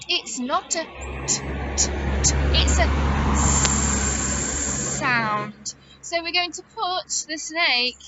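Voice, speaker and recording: A woman's voice: a little high, bright, forceful tone, a little hiss or hum, rough recording. A middle-aged woman teaching a phonics lesson to young children, coaxing them with sing-song questions and repeated rhymes.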